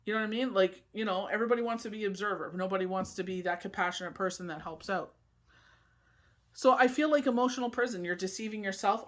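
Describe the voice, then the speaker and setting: Card reader, casual spoken forecast, rambling, chatty, slow when reading cards aloud. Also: medium pitch, a bit bright. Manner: rambling and chatty, repeats "you know what I mean"; reads card meanings aloud slowly. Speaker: tarot and oracle card reader.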